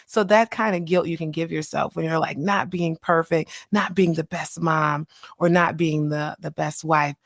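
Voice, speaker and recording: A chatty woman in her thirties talks straight into a close mic, her voice sitting a little low for a woman. She is animated and laughs easily as she hosts her own podcast. The sound is dry, with no room around it. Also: a little slow, vocal fry, no echo. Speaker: podcast host, child psychiatrist. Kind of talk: casual solo podcast talk.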